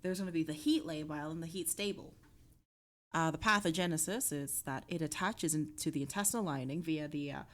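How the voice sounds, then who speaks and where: A woman's voice: sits low, a little fast. A young woman streaming a study session, reading her notes aloud with many fillers and self-corrections, then breaking off to joke with her chat. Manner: breaks off to react playfully to chat.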